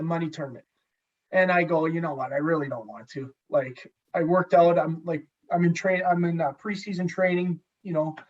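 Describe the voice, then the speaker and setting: A man, a former hockey goalie, telling a story in a casual, animated way and swearing freely. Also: sits high. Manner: animated, profane, acts out dialogue. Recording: slightly distant, dull lo-fi sound.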